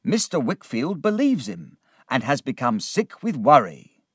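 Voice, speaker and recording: A man voicing an excitable middle-aged gentleman in a storybook reading, theatrical and swelling with feeling. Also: medium pitch, measured pace, breathy edge, no echo, studio quality, full character voice. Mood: earnest. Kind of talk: audiobook character reading.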